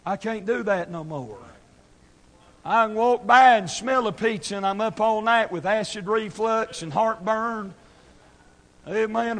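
A man preaching an impassioned sermon, swinging from shouted scripture to quiet asides. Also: high voice. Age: 30s.

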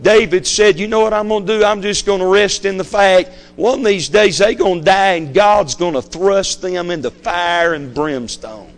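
A man's voice: high-pitched, normal speed, hardly any pauses. A man preaching a fiery sermon, emphatic and repetitive, hammering his points home. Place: church sanctuary.

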